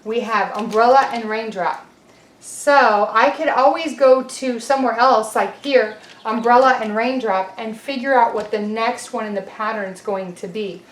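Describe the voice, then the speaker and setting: A woman teaching a video lesson to young children, speaking cheerfully, slowly and clearly. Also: on the high side, roomy sound. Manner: cheerful, slow and clear, sings simple songs. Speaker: preschool teacher.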